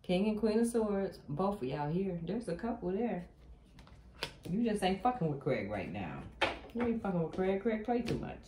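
A woman giving a tarot reading to her viewers, animated and blunt, cursing freely. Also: mid-range voice, normal speed. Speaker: tarot reader. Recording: echoey room with faint noise.

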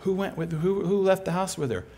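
A man preaching a sermon as an animated, humorous storyteller. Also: high voice, fairly quick.

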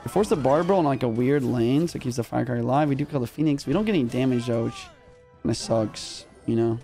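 A young man commentating his own live gameplay in casual slang, excitable and quick to yelp when rattled. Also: mid-range voice. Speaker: gaming streamer. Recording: music underneath.

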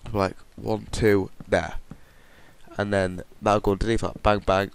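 A man's voice: lowish voice, level tone, a little slow, gravelly, clear, resonant tone. A man casually commenting on his building game, rambling and correcting himself as he goes. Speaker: Minecraft let's play host.

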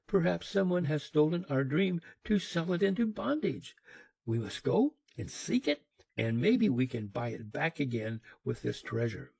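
A man's voice: on the high side, big pitch swings, a little slow, vocal fry, darkish tone, breathy edge, no echo, voice pushed up, heavily acted. A man playing an anxious young lover. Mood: anxious hopeful. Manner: anxious, earnest.

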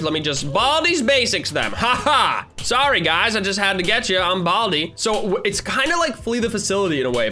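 A man hosting a gaming channel, giving excitable, playful gameplay commentary with lots of giggling and teasing. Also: sits high.

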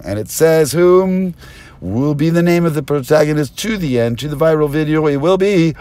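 A man's voice: a little high, expressive, normal speed, dark tone, no echo. A man delivering an erratic, conspiratorial stream-of-consciousness monologue, recorded on a binaural mic. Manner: erratic, conspiratorial, jumps between topics. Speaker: self-styled press speaker.

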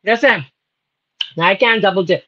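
A woman's voice: medium pitch, moderate pace, fairly bright tone. A Bahamian woman hosting a live cooking show, chatting casually, laughing, and turning tearful and spiritual as she talks. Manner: emotional, laughing, spiritual asides. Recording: slightly dull audio with faint noise.

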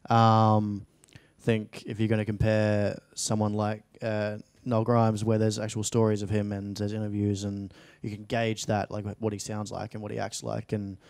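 A young Australian actor in his late teens chats casually as a guest in a studio interview, rambling with frequent restarts and fillers. His voice is low-ish, dark, and clean, with vocal fry, a completely flat delivery, and a moderate pace, and there's no room sound.

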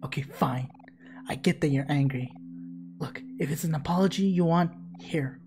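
A woman's voice: moderate pace, lightly acted. A woman reading game dialogue aloud, voicing a sullen teenage girl who is cold and bitter. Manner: low, quiet and curt.

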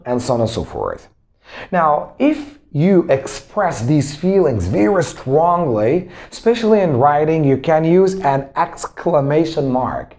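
Man, English teacher, motivational lesson, words repeated for drilling, lively swinging pitch. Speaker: English teacher and self-improvement coach.

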